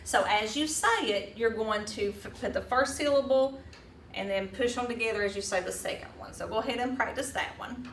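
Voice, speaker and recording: A woman's voice: mid-range voice, brisk, fairly bright tone. A woman leading a hands-on teaching workshop, talking casually with fillers and restarts. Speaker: teacher trainer. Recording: roomy echo, distant mic, faint room noise.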